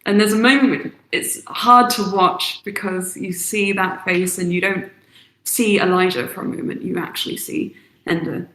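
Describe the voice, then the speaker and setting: A woman's voice: mid-range voice, steady tone, a bit bright. Woman narrating as game master, echoey room. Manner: slow, descriptive scene-setting.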